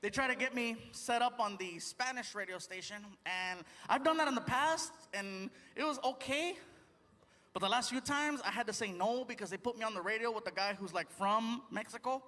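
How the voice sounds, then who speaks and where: A male stand-up comedian performing on a large theater stage, chatty and animated as he acts out voices. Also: very high-pitched, moderate pace, in a large hall. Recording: live theater with crowd noise.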